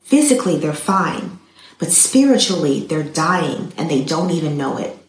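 A woman voicing a gentle, patient Jesus who speaks calmly and kindly, in an echoey room. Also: deep voice, moderate pace. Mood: solemn. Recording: roomy echo.

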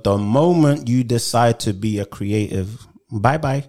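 A man, an actor and filmmaker, talking casually in a lively, slangy way and often acting out other people's voices. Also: medium pitch, a little slow. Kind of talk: casual podcast chat.

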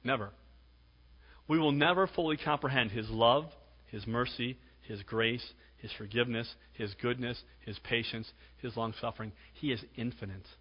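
A male pastor preaching a sermon, emphatic, swinging between loud exhortation and hushed tones. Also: medium pitch, normal speed. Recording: dull lo-fi recording with long hall reverb.

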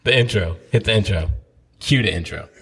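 A man's voice: fairly low pitch, a little fast, vocal fry, a bit bright, breathy edge. A young adult man, a pastor co-hosting a podcast in casual chat, upbeat and laughing often, with lots of fillers. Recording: long room reverb.

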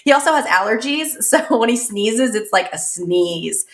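A woman in her thirties, co-hosting a podcast, telling stories in a casual, animated way and laughing often. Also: a little high, normal speed, roomy sound. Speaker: podcast co-host. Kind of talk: casual chat.

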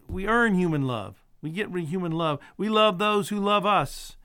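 A man preaching a sermon and leading a prayer in an earnest, measured way, growing soft and quiet at the ends of his points. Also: sits high, animated, clear, resonant tone, no echo, clean studio sound.

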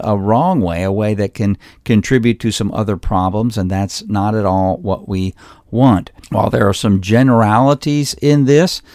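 A man's voice: medium pitch, darkish tone, no room sound, studio quality. A man in his fifties hosting a health podcast, teaching in an earnest way and listing points one by one. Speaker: podcast host, chiropractor. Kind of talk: solo health podcast talk.

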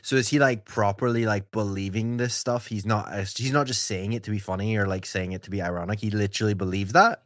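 A man with a low voice hosts a casual podcast in a dry, close-sounding recording. He talks eagerly and keeps it chatty, dropping a few "um"s along the way. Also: steady tone, fast talker, few pauses, fairly bright tone, no room sound. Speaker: podcast host. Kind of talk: casual chat.

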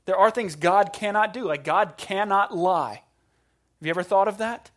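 A man preaching a sermon with humorous asides, swinging between hushed, quiet passages and loud, emphatic ones. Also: high-pitched, normal speed. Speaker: pastor.

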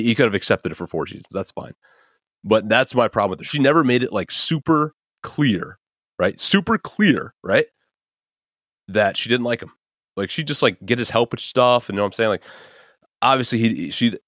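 A man's voice: lowish voice, a bit bright, no room sound, clean studio sound. A young man hosting a podcast, ranting casually about a TV show with lots of fillers and tag questions. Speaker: podcast host. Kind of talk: casual opinion monologue.

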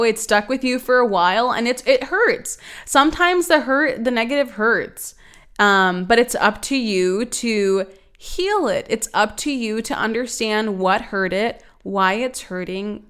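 A young woman hosts a self-help podcast in a casual, heartfelt way, wandering through her thoughts with plenty of fillers. Her voice sits a little high and sounds smooth and clear. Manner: earnest, rambling with many fillers. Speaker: podcast host.

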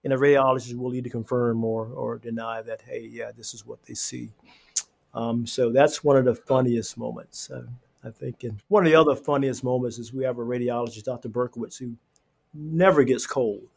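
A man in his fifties, a hospital reading room coordinator, answering podcast interview questions in an earnest, halting way with many restarts. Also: mid-range voice, steady tone, vocal fry, darkish tone, slightly rough.

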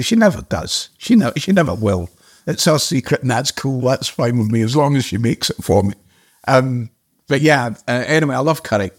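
An older man, an actor guest, telling a story casually in a halting way, with restarts and the odd casual swear. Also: medium pitch, lively intonation, husky.

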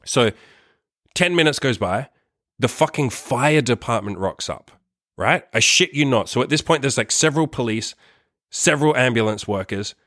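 A man's voice: medium pitch, fairly bright tone, no room sound, clean studio sound. A young man telling a personal story to camera in a rambling, profane way, full of fillers and tag questions. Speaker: vlogger.

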